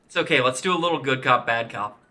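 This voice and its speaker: Very bright eager male player. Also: mid-range voice, fast talker. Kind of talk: casual tabletop game play.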